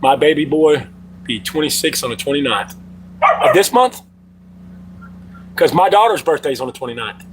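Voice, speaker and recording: Middle-aged guy chatting on his livestream, kinda high voice, swears a lot, hum in the background. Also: animated, normal speed, long pauses. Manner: loose, profane storytelling. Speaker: livestream host. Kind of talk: casual livestream chat.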